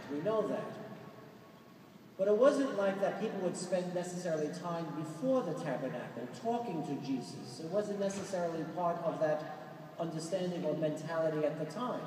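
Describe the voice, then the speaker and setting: Joking Brooklyn friar in an echoey hall. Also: male voice, a little high, mellow. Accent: Brooklyn New York. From Brooklyn, New York. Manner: joking storyteller, laughs at his own lines. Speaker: Franciscan friar preacher. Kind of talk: humorous conference talk. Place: large church or conference hall. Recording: echoey hall from far off, noisy.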